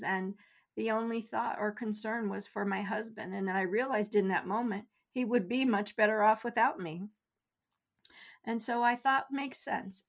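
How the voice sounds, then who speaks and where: Interview guest, middle-aged woman, earnest and measured storyteller. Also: medium pitch, creaky.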